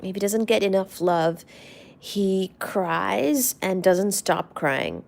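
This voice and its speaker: Slow, gravelly-voiced woman chatting softly. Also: mid-range voice, expressive. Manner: soft, affectionate, rambling, often drops to a near-whisper. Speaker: livestream host. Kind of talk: casual live-stream chat about her cats.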